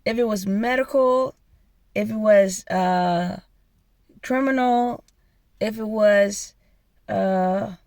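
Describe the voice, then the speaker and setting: A woman's voice: mid-range voice, takes it slowly, pauses often, a little mellow, no room sound. A woman vlogger telling a personal story in a blunt, profane, emphatic way. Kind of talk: casual storytelling rant.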